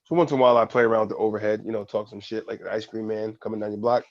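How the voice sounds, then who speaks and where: A man's voice: lowish voice, little pitch movement, very fast, dry recording, highs cut off. A man co-hosting a casual podcast, telling a long funny story, swearing often and laughing. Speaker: podcast co-host.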